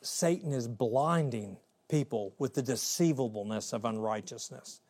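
A man preaching a sermon, emphatic, swinging between raised and hushed delivery and acting out little voices in his stories. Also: mid-range voice, a little slow, hardly any pauses, breathy edge. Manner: acts out little voices of God, Satan and his kids.

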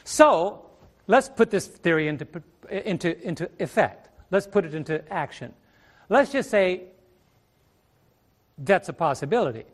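A middle-aged man preaching a sermon from a stage, emphatic, throwing rhetorical questions at the congregation and drawing out key words. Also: high voice. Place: church stage. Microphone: stage microphone.

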